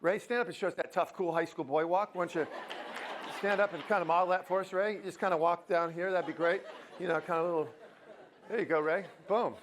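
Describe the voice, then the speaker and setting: A man's voice: high voice, fairly even intonation, fairly quick. A middle-aged man giving a motivational talk to a live audience in a university auditorium, joking and coaxing the crowd. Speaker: motivational speaker.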